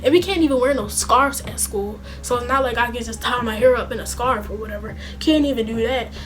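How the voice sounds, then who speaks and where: A young woman telling a casual storytime vlog, animated and slangy, with some swearing. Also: fairly high pitch, a little fast. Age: young adult. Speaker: vlogger.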